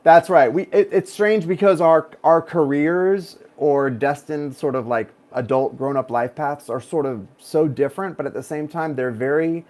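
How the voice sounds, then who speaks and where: A man's voice: on the high side, moderate pace, hardly any pauses, darkish tone. Chatty man in his thirties rambling. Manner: rambling, digressive, talks straight to viewers. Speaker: tarot reader. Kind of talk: casual chatty reading to viewers.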